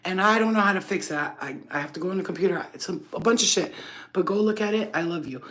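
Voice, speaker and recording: A woman telling a story on a casual livestream, talking loudly and animatedly, swearing and laughing often. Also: lowish voice, fast talker. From New York. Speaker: channel host.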